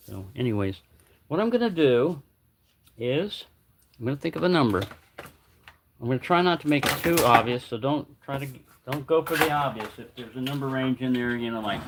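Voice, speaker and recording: Man, livestream host, rambling, joking, casual, at home, mid-pitched voice. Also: a little hiss or hum. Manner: rambling, joking, mumbles asides to himself.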